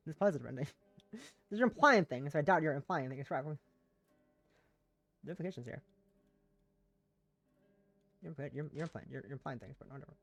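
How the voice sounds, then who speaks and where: A woman streamer commenting on a game she plays, muttering low and repeating herself in disbelief. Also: animated, a little fast, gravelly, long pauses, soft background music. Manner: low, mumbled, incredulous repeating. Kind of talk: casual gameplay commentary.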